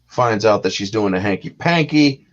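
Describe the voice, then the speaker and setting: A man's voice: fairly low pitch, animated, moderate pace. A man hosting a casual chat about movies, rambling and retelling scenes with acted-out lines. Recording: dull lo-fi sound.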